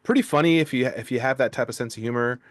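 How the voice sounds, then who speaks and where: A man's voice: medium pitch, quick pace, no echo. A man co-hosting a podcast, giving easygoing film opinions with hesitant restarts. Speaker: podcast co-host. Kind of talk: casual film review chat.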